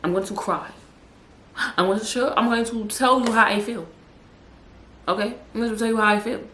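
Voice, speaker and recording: This young woman's podcast monologue comes in a fairly high, steady voice at a moderate pace, slightly bright. She keeps it casual and emphatic, repeating words to stress them and slipping in street slang, while the echoey room carries a faint background hum.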